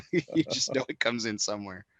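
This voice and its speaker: Bright, dry-voiced chatty man. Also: mid-range voice, lively intonation, moderate pace, dry recording. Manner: chatty, rambling, laughs a lot. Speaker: podcast host. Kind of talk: casual chat. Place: indoors, cigar podcast set.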